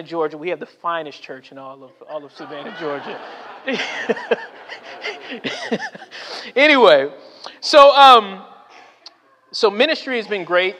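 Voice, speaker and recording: A man in his forties from Southern California preaches a sermon in a fairly high voice. He works through personal stories, keeps checking in with "right?" and acts out each person he quotes. The sound carries a long reverb from a large church hall. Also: bright, forceful tone. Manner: storytelling with frequent "right?" asides and acted-out quotes. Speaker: pastor. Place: church sanctuary.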